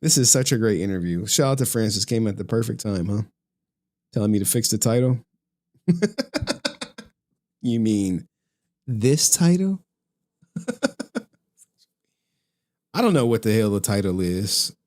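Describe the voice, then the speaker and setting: Live streaming, a man chats loosely with his viewers, swearing freely and grumbling about his chat in a casual, rambling way. His pitch swings high and low with lively intonation and a darkish tone, and he keeps a measured pace, pausing often.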